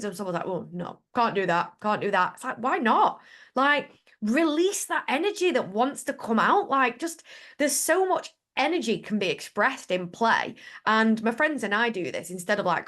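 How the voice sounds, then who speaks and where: A woman's voice: high voice, fairly bright tone. A woman hosts a casual podcast, chatting in a playful, upbeat way. Her speech runs loose and conversational, packed with "like" and "you know". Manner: chatty, playful, many "like" fillers. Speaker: podcast host.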